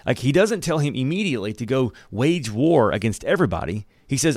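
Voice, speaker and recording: A man's voice: mid-range voice, sing-song, brisk, hardly any pauses, a little mellow, no room sound, studio quality. A man preaching a sermon, reading scripture aloud and commenting on it in a conversational way. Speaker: pastor.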